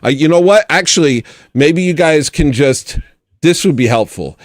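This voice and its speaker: A man hosting a livestream, chatting casually in a rambling, sarcastic, deadpan way. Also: on the high side, normal speed, dry recording, clean studio sound. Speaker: livestream host and musician.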